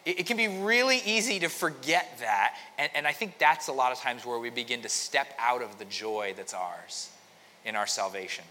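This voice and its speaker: A man's voice: mid-range voice, animated, normal speed, sharp tone, a little hiss or hum. A man preaching a conversational sermon, telling a story with frequent restarts. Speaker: pastor. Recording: long hall reverb.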